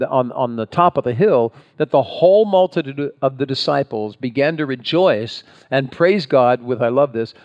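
Animated male preacher, higher voice. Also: dull audio. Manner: animated preaching, acts out quoted voices, pausing and rephrasing. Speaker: pastor. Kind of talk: sermon.

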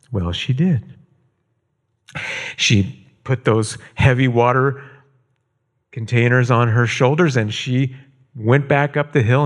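Slow, emphatic preacher man. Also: mid-range voice. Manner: slow, emphatic, repeating phrases. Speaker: pastor. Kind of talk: sermon storytelling.

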